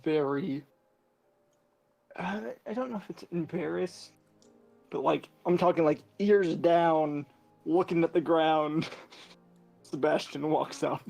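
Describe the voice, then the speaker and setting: Man, gravelly voice, somewhat high, hesitant tabletop player. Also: fairly even intonation, slow, long pauses, darkish tone, faint music behind, rough recording. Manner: hesitant, uses many fillers. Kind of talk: casual tabletop play.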